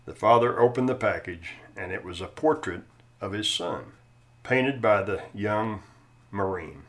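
A male chaplain telling a sermon story in an earnest voice, slowing down and going quiet on key phrases. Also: on the low side.

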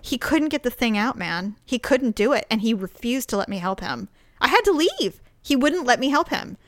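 A woman telling a story in casual conversation, animated, acting out the voices of people she quotes and laughing often. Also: a little high, normal speed, no echo, studio quality.

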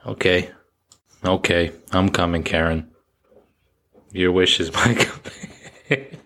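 A man's voice: deep voice, slow pace, pushed and bright, voice pushed down, full character voice. A man playing an eager, nervous young man who answers hesitantly.

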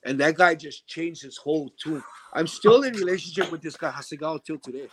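A middle-aged man spins a story in a relaxed interview, slipping into other people's voices as he goes. His voice sits a little high. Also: brisk, a little hiss or hum. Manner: animated storyteller, acts out quoted voices. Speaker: interview guest.

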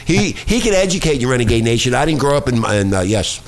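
A man's voice: mid-range voice, sing-song, fast. A man hosting a talk show, ranting and swearing as he reads news stories aloud, often stumbling over words and names. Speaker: show host. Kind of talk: profane talk-radio rant reading news aloud.

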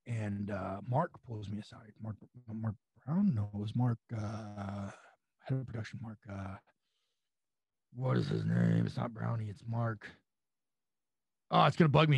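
A man's voice: medium pitch, vocal fry, slightly rough, no echo. A man from California on a podcast, telling rambling, profane anecdotes in a casual chat. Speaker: wrestling guest.

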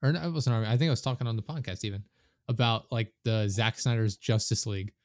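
A man's voice: on the low side, fast talker, no room sound, studio quality. Opinionated man on a podcast. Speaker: podcast host. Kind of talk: casual podcast chat.

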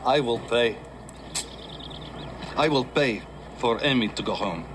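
A man's voice: medium pitch, expressive, takes it slowly. An actor playing a mysterious, grandly generous middle-aged man with a put-on Romanian accent, in a film clip with vehicle noise behind.

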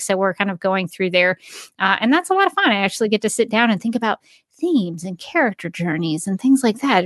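A woman's voice: mid-range voice, a bit bright, no room sound, clean studio sound. A woman co-hosting a podcast in casual chat, chatty and giggly with lots of fillers. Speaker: podcast co-host.

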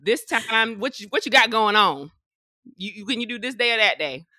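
A woman hosting a podcast in casual chat, animated and profane, laughing often. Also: a little high, moderate pace, no echo, clean studio sound. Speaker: podcast host. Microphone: video call.

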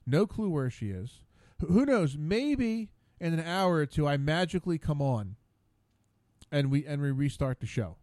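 A man's voice: a little high, sing-song, normal speed, a little mellow, no room sound. A man hosting his own radio show, rambling casually alone at a studio mic, stammering and repeating words in exasperation.

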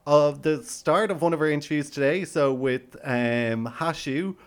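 A man's voice: a little high, unhurried, clear, resonant tone. A man with an Irish accent co-hosting a podcast, chatting in a rambling, self-mocking way. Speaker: podcast co-host. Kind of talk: casual chat.

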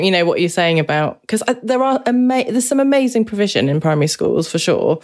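A woman hosting a podcast over a video call, reacting encouragingly to her guests. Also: sits low. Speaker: podcast host. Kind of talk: casual podcast conversation.

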